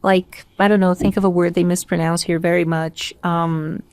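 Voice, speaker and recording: A woman's voice: fairly low pitch, flat delivery, normal speed, darkish tone, clear, resonant tone. A Brazilian woman, an English teacher whose first language is Portuguese, speaking English with a Brazilian accent and making her points emphatically in a casual podcast conversation.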